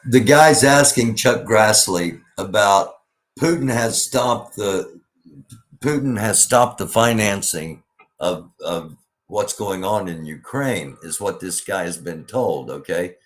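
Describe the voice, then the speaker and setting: Deep-voiced man riffing sarcastically on clips. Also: lively intonation, slow. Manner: sarcastic, interrupting, talks over clips. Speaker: show host commenting on clips. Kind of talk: live news commentary.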